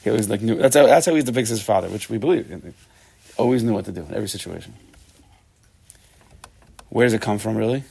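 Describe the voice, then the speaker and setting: A man giving a Torah class, animated and emphatic, often restarting his sentences. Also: on the low side, quick pace, vocal fry, pauses often, slightly rough. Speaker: Torah teacher.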